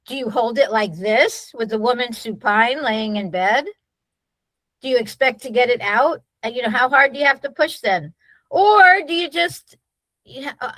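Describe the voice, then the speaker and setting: A woman's voice: high-pitched, normal speed, fairly bright tone, dry recording, poor audio. A middle-aged woman, a nurse-midwife, explaining a birth protocol in a conversational way, full of restarts and fillers.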